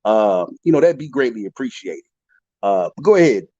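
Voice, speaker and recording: A man's voice: on the low side, big pitch swings, moderate pace, dark tone, no echo, highs cut off. A man hosting an informal interview, asking questions in a loose, stumbling way. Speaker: interview host. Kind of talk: casual interview.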